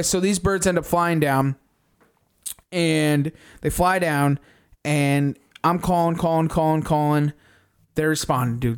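A young man on a podcast, casually recounting a hunt in animated detail, swearing often and acting out his own reactions. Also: a little high. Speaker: podcast co-host. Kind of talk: casual storytelling recap.

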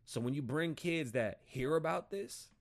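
A man in his thirties hosting a casual monologue, telling stories in a profane, animated and rambling way. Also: a little high, unhurried. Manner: rambling, digressive. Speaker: podcast host.

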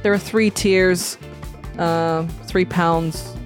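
Rambling woman podcaster, lowish voice. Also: steady tone, drawn-out words, soft background music. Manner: rambling, lots of fillers. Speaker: podcast co-host. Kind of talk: casual chat.

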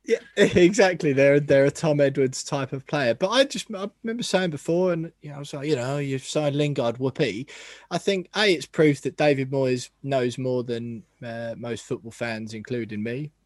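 A man hosting a casual football podcast, chatty and quick to laugh. His voice sits at an ordinary middle pitch and is recorded dry and close. He keeps the conversation moving with easy banter. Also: darkish tone, no echo. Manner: chatty, laughs often, tries mock accents. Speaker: podcast host.

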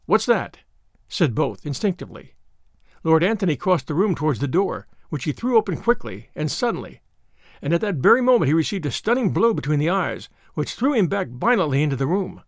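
A man narrating a classic novel aloud in a measured, even storytelling manner, as the host of a story podcast. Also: on the high side, no echo, clean studio sound. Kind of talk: audiobook reading of a classic novel.

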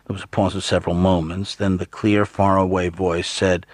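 A man narrating an audiobook in the first person, measured and steady. His voice sits very low with a husky edge, and the close, dry studio mic keeps every word near. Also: no echo.

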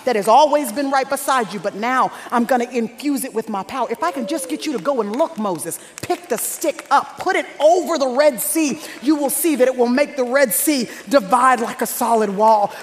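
High-voiced woman preaching in a hall. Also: animated, normal speed, few pauses, slight background noise. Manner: dynamic, swings from hushed to shouting. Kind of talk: sermon. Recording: reverberant hall with faint crowd.

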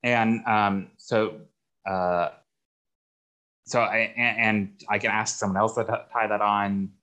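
A man's voice: on the low side, steady tone, bright, forceful tone. A man playing an eager wolf-raised man. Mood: earnest. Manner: eager, halting, earnest. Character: man raised by wolves, earnest, doglike, eager therapy client. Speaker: therapy client. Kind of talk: improvised comedy podcast.

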